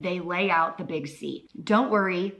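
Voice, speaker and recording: A woman in a played video clip, calmly telling a personal story. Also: lowish voice, a little slow. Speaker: woman in a clip being reacted to.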